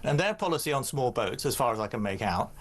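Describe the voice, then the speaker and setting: A man as a political commentator guest, measured and hesitant, often restarting his sentences. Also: mid-range voice, big pitch swings. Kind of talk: live radio debate.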